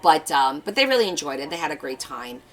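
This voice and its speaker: Lady crafting live, lower voice, just chatting away telling stories. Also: sing-song, fast, a bit bright, poor audio. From Portuguese family. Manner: chatty storytelling, reads viewer comments aloud. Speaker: craft livestream host. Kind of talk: casual chat while crafting.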